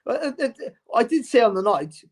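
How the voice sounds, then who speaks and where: A man talking as a boxing pundit in a casual chat, animated and often repeating words as he starts a point. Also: extremely high pitch, a little fast.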